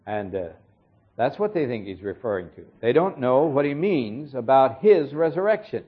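Husky-voiced man teaching from the Bible. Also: mid-range voice, big pitch swings. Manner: measured, explanatory, with occasional fillers. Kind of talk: expository sermon. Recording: dull lo-fi recording.

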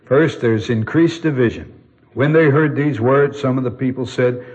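A man preaching a sermon to his congregation in an earnest, expressive way, asking the listeners pointed questions. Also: medium pitch, moderate pace, dull audio. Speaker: pastor.

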